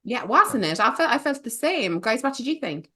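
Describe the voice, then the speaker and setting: A woman's voice: on the high side, big pitch swings, moderate pace, pushed and bright. A woman hosting a casual film podcast, playful and teasing, with theatrical asides. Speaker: podcast host.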